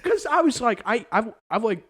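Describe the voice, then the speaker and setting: A young American man co-hosting a casual podcast, telling an animated story with lots of swearing and acted-out quotes. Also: very high-pitched, moderate pace, slightly rough. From United States. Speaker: podcast co-host. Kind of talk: casual chat.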